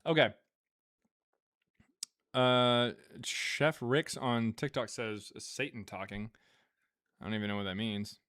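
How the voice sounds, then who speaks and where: A man hosts a live stream and chats casually while he reads viewer donations aloud. He rambles, fills his speech with "uh" and "like," and chuckles often between remarks. His voice sits at an ordinary, middle pitch. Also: fairly even intonation, takes it slowly, pauses often, a bit bright, clear, resonant tone. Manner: rambling, with many fillers and frequent chuckles.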